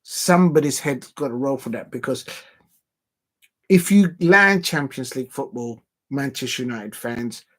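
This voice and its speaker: A man hosting a football watch-along livestream in casual, rambling chat, calling out to the fans watching. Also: medium pitch. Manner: rambling, chatty, addresses fans directly. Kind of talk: casual live-stream chat.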